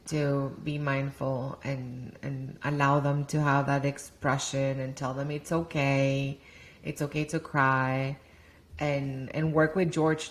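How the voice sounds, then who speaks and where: A woman's voice: low-pitched, low-quality recording. Candid, swearing woman telling stories. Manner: candid, swearing, animated storytelling. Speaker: podcast co-host, mother. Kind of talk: casual chat.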